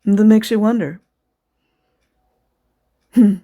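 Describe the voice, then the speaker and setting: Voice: mid-range voice, takes it slowly, mellow. Sarcastic, indignant video commentator. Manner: emotional, close to tears. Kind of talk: casual commentary over footage.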